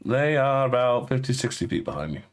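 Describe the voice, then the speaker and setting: A man narrating as game master of a tabletop game, halting with fillers and restarts. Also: medium pitch, sing-song.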